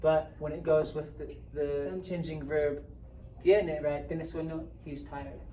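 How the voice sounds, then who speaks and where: Brief: patient woman language teacher, low voice, slow delivery, recorded off-mic in an echoey room. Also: steady tone, mellow. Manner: patient, explaining step by step, checks in with "right?". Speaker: Spanish teacher. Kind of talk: classroom grammar lesson. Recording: roomy echo, distant mic, faint hiss.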